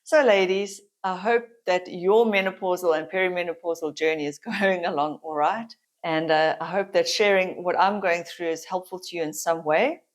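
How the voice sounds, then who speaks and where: A woman's voice: lowish voice, fairly even intonation, normal speed. A middle-aged woman with a South African accent, chatting candidly to camera as a vlogger and laughing often. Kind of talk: casual chat to camera.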